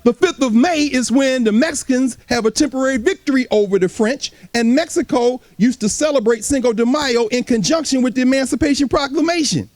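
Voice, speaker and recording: A man giving an animated history lecture to a live audience, talking casually and straight to the listeners and acting out voices from the past. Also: very high-pitched, a little fast, hardly any pauses, no echo. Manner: casual, colloquial speech.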